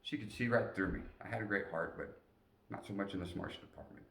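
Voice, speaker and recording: A man tells a personal story in a very low voice, animated and acting out the people in it. The sound is roomy, with a noticeable echo. The mic sits some distance away. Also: fairly quick, creaky. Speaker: motivational storyteller.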